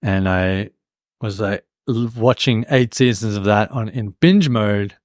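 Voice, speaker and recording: A young man from Australia with a mild Australian accent, co-hosting a podcast and telling stories in a casual, animated way. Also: fairly low pitch, a little slow, dry recording, clean studio sound. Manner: animated storyteller, jumps between tangents. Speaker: podcast co-host. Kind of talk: casual chat.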